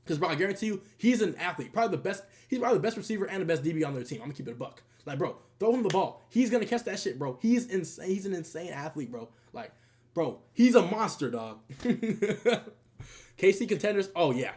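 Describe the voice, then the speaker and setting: A young man streams casually, chatting about sports in heavy slang and laughing a lot. His voice sits high and sing-song with a darkish tone, and he talks fast.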